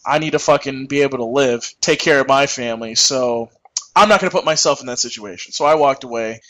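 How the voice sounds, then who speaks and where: A man's voice: medium pitch, a little fast, a bit bright, rough recording. A young man co-hosting a podcast, telling a rambling, profane work story and acting out the people in it. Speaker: podcast co-host.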